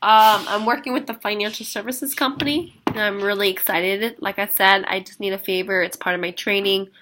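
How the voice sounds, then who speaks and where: A woman's voice: medium pitch, fairly even intonation, brisk, noisy background. A woman trainee rehearsing a sales phone script, earnest and a little hesitant. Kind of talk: role-play practice.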